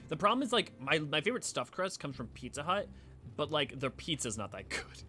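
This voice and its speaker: A man's voice: a little high, sing-song, fairly quick, sharp tone, slight background noise. A man chatting casually on his livestream, rambling with fillers and restarts between reading game dialogue aloud.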